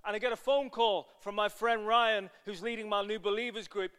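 A man preaching an evangelistic sermon, telling a story and building to loud, passionate appeals. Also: high-pitched, fairly even intonation, normal speed, clean tone, long reverb tail.

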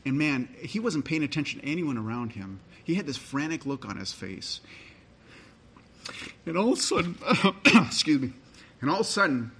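A man's voice: a little high, a bit bright, slightly rough. A middle-aged man, a pastor, preaching a sermon in a conversational storytelling way and reading scripture aloud.

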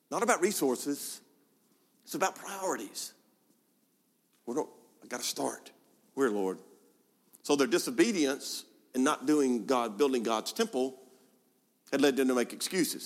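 A male pastor preaching a sermon, asking rhetorical questions and repeating words for emphasis. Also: mid-range voice. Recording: long hall reverb.

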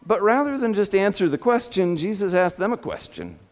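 Lively high-voiced pastor in a reverberant hall. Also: male voice, brisk. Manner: storytelling with repeated fillers and restarts. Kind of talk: sermon.

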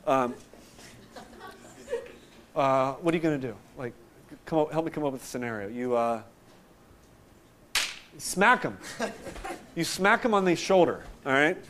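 A man's voice: on the high side, a little slow, long pauses, a little hiss or hum. Conversational man preaching a sermon. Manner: conversational, animated storytelling with acted-out quotes. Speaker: pastor.

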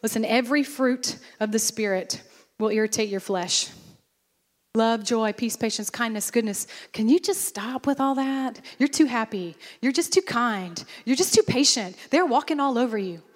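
A woman pastor preaching a sermon, animated and lively, acting out bursts of praise as she goes. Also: on the high side, moderate pace, in a large hall.

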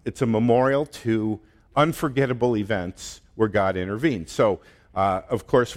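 A middle-aged man giving a conversational sermon as pastor, with fillers and restarts. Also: medium pitch. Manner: conversational, laughs often, many fillers and restarts.

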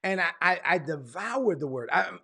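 A man from Brooklyn, preaching a sermon in an emphatic, repetitive way and slowing down to stress his points. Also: sits high, animated, gravelly, sharp tone, slightly rough. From Brooklyn, United States.

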